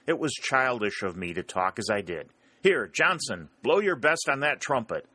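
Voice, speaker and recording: A commanding Union colonel, as a man reads him, emphatic and quick to exclaim. His voice is raised a little above the reader's plain tone, forceful and bright. The sound is close and dry. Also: medium pitch, big pitch swings, husky, no echo, voice pushed up, heavily acted. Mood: resolute. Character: commanding middle-aged male Union colonel, emotional.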